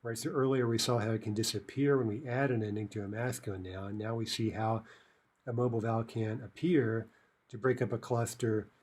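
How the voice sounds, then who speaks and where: A man's voice: fairly low pitch, steady tone, fairly quick, darkish tone, husky. A man teaching a recorded language lesson, explaining step by step and checking in with "right?" and "okay" as he goes.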